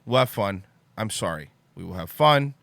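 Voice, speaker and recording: A man's voice: fairly low pitch, animated, normal speed, creaky, fairly bright tone, dry recording. A man hosting a talk show, ranting angrily with heavy swearing and then apologizing. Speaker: podcast host.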